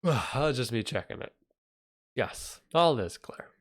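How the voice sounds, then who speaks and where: A man's voice: mid-range voice, big pitch swings, takes it slowly. A man chatting casually on his livestream, mumbling and thinking aloud as he fixes his audio at a desk microphone.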